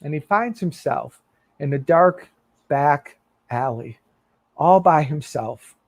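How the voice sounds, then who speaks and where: A man preaching as a minister, telling a story in an earnest, expressive way. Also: on the high side, takes it slowly, no echo. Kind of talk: sermon storytelling.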